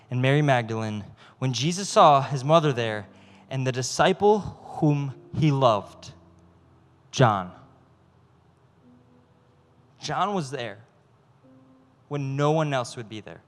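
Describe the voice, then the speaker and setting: A man preaching a sermon as a youth pastor, animated and acting out voices of God and people. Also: mid-range voice, long reverb tail.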